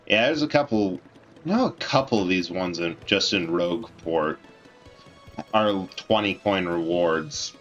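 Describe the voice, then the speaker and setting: A man's voice: low-pitched, expressive, unhurried, fairly bright tone. Laid-back rambling male game streamer. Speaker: let's play streamer. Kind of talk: casual gameplay commentary. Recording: dull lo-fi mic with faint game music.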